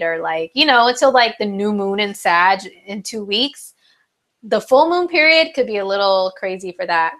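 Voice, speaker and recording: A young woman giving live horoscopes in a loose, chatty way, full of fillers and playful asides. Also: a bit bright. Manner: chatty, frequent fillers, playful asides, mimics friends in higher voices. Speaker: astrology host. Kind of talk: casual live horoscope talk.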